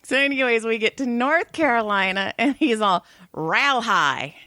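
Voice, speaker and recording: A woman's voice: on the high side, normal speed, clean tone, dry recording, clean studio sound. A woman in her thirties co-hosting a casual podcast, telling stories with lots of swearing and laughter. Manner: profane, animated storytelling with laughs. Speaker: podcast co-host. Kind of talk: casual chat.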